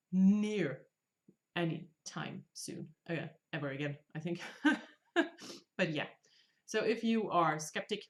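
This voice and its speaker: A woman in her thirties hosting a casual craft podcast, talking with chatty enthusiasm and joking about herself. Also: on the low side. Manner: chatty, enthusiastic, self-deprecating jokes. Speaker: podcast host. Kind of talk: casual chat.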